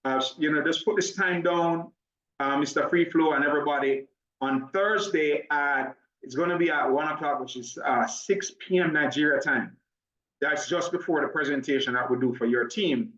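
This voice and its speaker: A man with a Jamaican accent giving an upbeat, persuasive online sales presentation, talking fast when excited. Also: fairly high pitch, roomy sound, distant mic, dull audio. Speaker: business opportunity presenter.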